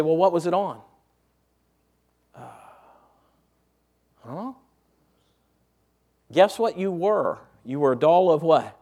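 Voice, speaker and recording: A pastor preaching a sermon in a church, conversational and full of rhetorical questions put to the congregation. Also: male voice, a little high, darkish tone. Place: church auditorium.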